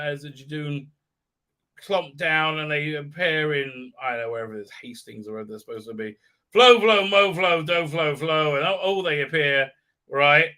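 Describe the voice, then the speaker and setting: Guy ranting thru a show recap, doing silly voices for everyone, kinda high bright voice. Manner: mocking, acts out characters in silly voices, many fillers. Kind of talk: live stream commentary.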